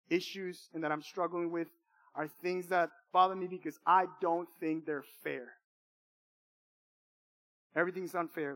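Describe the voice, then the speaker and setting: A man's voice: fairly high pitch, a bit bright. A man preaching a sermon, telling a personal testimony in an emphatic, repetitive way with emotional swings.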